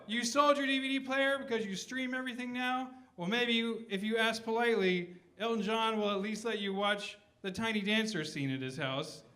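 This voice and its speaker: This young comedian's voice is high and sharp as he performs stand-up for a live crowd, wandering from point to point, cursing, and repeatedly asking "right?".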